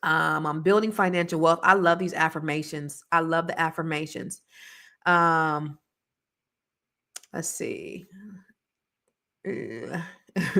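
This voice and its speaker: A woman's voice: low voice, slow, vocal fry, pauses often, bright, forceful tone. A woman hosting a casual livestream chat, reading viewer comments and talking bluntly, with cursing and heated rants. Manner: blunt and profane, swings between mumbling and heated ranting; reads viewer comments aloud. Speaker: host.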